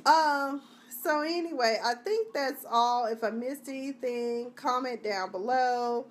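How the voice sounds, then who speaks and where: A woman's voice: a little high, slow pace, slight background noise. A woman hosting a casual live-stream review, talking in a chatty, rambling, slangy way. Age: adult (junior high long ago).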